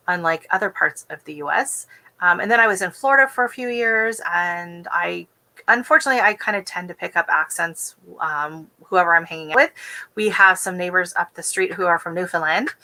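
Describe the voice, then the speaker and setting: A woman from the West Coast of the United States hosting a casual gardening livestream, talking quickly and chattily with easy giggles. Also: lowish voice, pushed and bright, low-quality recording. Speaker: gardening channel host.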